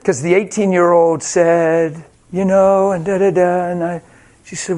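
A male preacher telling a personal story in a sermon, animated and self-mocking, acting out the quotes. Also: high-pitched, normal speed.

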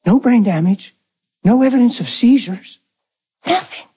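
A man preaching a personal testimony, acting out the dialogue, swinging from near shouts to hushed tones. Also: very high voice, animated, unhurried, slightly rough. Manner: acts out dialogue in his story. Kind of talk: testimony sermon.

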